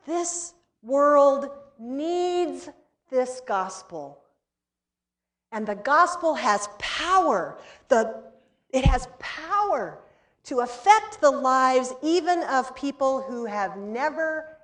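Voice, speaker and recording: A woman giving a lecture who tells a story with animation and acts out the dialogue, slowing and softening at solemn moments. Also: sits high. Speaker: seminary lecturer.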